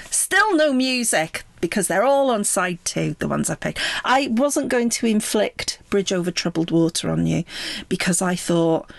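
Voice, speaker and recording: A woman's voice: medium pitch, gravelly, no room sound. A woman talking casually and chattily, reviewing an album track by track with frequent ums. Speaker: music reviewer.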